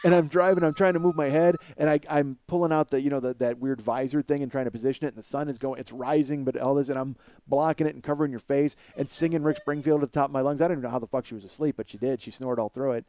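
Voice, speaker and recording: A man's voice: mid-range voice, fairly even intonation, quick pace, mellow, muffled recording. A man in his forties hosting a podcast, rambling in a self-deprecating, swear-heavy comedic monologue. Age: 40s. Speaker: podcast host.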